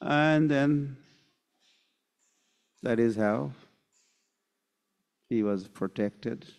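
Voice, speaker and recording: In a hall with long reverb, a man gives a scripture lecture as a spiritual teacher, his mid-range voice a little mellow. He takes his time, telling a story slowly and acting out each quote.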